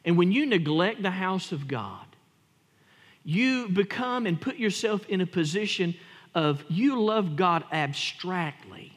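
A male pastor preaching a sermon, telling stories with emphasis and swinging from loud to hushed. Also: sits high, expressive, takes it slowly, long reverb tail.

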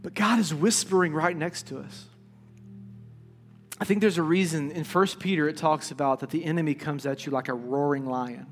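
A male pastor with a notably high voice preaches in a church hall, and his words ring on in the long reverb while faint music plays beneath. He tells stories with lively energy, then drops to a hush when he drives a point home. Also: normal speed. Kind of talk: sermon.

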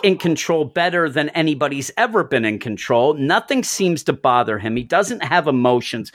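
On a comics podcast, a host with a fairly high, slightly bright voice chats casually. He eagerly retells scenes and quotes what the characters say.

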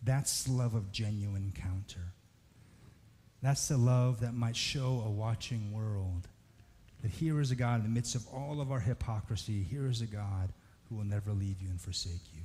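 A man preaching a sermon in an earnest way, slowing down to stress key words. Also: fairly low pitch, mellow, a little hiss or hum. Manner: earnest, slows for emphasis. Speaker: pastor. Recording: long hall reverb.

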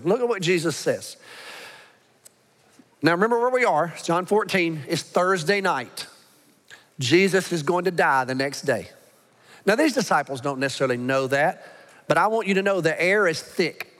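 A man preaching a sermon as pastor, pressing his points with slow, weighty lines between quicker asides. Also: a little high, a bit bright. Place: large church sanctuary. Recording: long hall reverb.

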